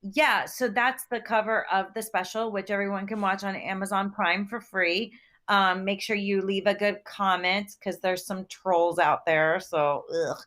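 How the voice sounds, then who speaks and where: Woman comedian on a video call, chatty and giggly, middle pitch, slips into silly voices. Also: steady tone, unhurried, a bit bright. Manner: bubbly, laughs often, slips into playful put-on voices. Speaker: comedian and actress guest. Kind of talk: casual video call interview.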